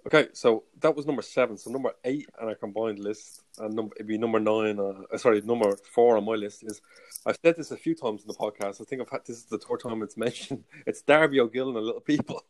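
A man's voice: on the low side, quick pace. A man, co-hosting a podcast in an upbeat, casual chat. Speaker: podcast co-host. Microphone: remote call mic.

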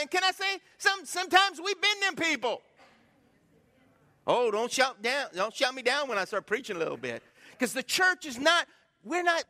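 High, bright-voiced preacher man in a hall. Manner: animated storytelling preacher, swings from loud to hushed. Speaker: pastor. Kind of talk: sermon. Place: church sanctuary. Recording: long hall reverb.

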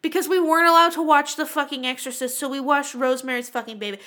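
A young woman co-hosting a podcast in casual chat, animated and swearing a lot as she tells stories. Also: high-pitched, quick pace. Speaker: podcast co-host.

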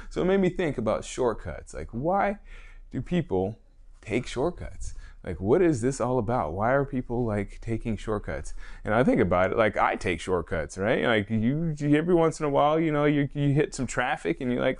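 A man's voice: mid-range voice, expressive, normal speed. A man hosting a casual solo fitness podcast, talking in a rambling way, correcting himself and chuckling often. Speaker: podcast host, fitness trainer.

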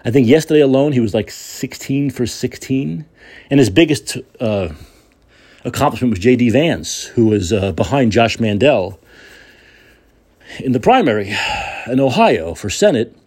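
A man's voice: mid-range voice, animated, moderate pace, pauses often, darkish tone, slightly rough. A man hosting a political talk show, delivering an angry, sarcastic and profane rant.

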